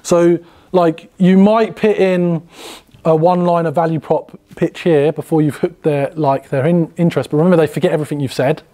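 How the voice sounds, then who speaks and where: A man's voice: on the high side, fairly even intonation, moderate pace, mellow. A man running a sales workshop, chatty and full of fillers and restarts as he explains. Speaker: sales trainer. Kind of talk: casual workshop teaching.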